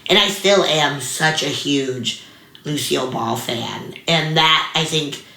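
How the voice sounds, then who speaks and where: A young woman comedian telling stories in a casual interview, animated and full of fillers, acting out the voices of others. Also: low voice, takes it slowly, gravelly. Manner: animated, many fillers, acts out quoted voices. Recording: echoey room.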